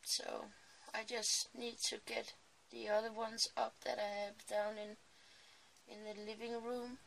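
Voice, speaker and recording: In her small home craft room, a sleepy woman crafts and chats casually early in the morning, wandering off track and slipping in apologies. Her voice is a little high and fairly bright, with vocal fry, little pitch movement, and a slightly slow pace. Slight background noise is present.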